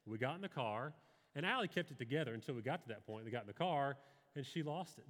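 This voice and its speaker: A man's voice: medium pitch, animated, fast talker, fairly bright tone, in a large hall. A man preaching a sermon to a live congregation in an earnest, conversational way, with personal stories. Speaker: pastor.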